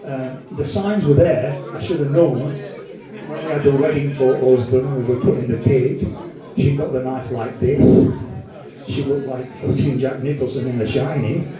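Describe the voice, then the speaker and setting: Crude rambling comedian. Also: male voice, medium pitch, fairly even intonation, a little slow, a crowd in the background. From Wolverhampton. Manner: rambling, crude, self-mocking. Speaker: stand-up comedian. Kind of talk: stand-up set. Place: comedy club room. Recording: echoey room, far from mic.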